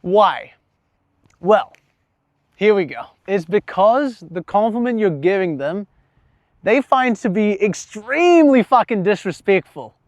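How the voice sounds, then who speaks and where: A man's voice: high-pitched, very animated, unhurried, dry recording, highs cut off. A young man talking candidly about himself in a casual, profane vlog monologue, laughing at himself now and then. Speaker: vlogger.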